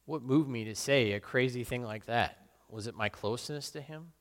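A man playing Peter, a remorseful, brash fisherman and apostle, in a slow, brooding first-person monologue with sudden loud outbursts. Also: medium pitch, natural voice. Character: remorseful middle-aged fisherman apostle, brash, guilt-torn. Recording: long hall reverb.

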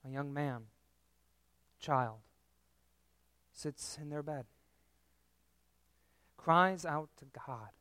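A man preaching a sermon in an earnest, measured way, with dramatic pauses. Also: fairly high pitch, bright, forceful tone, clear, resonant tone, dry recording.

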